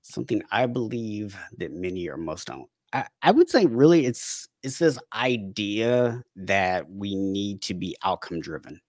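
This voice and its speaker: Low-voiced man, animated, candid habit coach. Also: measured pace, few pauses, dry recording, studio quality. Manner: animated storytelling, acting out panicked inner voices; frequent restarts and repeated words. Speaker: podcast guest, habit coach. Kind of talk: casual conversational interview.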